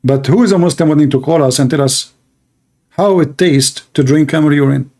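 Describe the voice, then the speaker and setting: A man's voice: fairly high pitch, a little fast, a little mellow. A middle-aged man hosts an apologetics show in a somewhat raised register. His commentary is scornful and sarcastic, and he leans on rhetorical questions. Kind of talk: mocking religious commentary.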